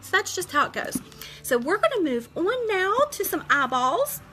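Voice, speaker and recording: A middle-aged woman hosting a live makeup tutorial, chatting warmly with viewers, greeting them by name and sharing heartfelt stories as she works. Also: extremely high pitch, big pitch swings, moderate pace, faint music behind, poor audio.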